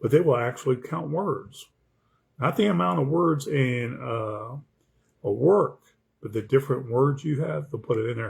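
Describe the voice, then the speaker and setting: Raspy gravelly guy, author rambling about writing, keeps asking okay?. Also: mid-range voice, normal speed. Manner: rambling, repeats words, talks to the listener with "okay?". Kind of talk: casual talk on writing craft.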